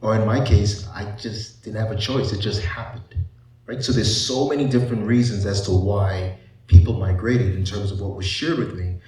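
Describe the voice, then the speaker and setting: Male psychiatrist panelist with a lowish voice. Chatty, rhetorical, recorded from a distance. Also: fairly even intonation, moderate pace, a little mellow. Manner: conversational, asks rhetorical questions, frequent "you know". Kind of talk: panel presentation to a live audience. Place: large echoey event room. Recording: echoey hall, voice off-mic.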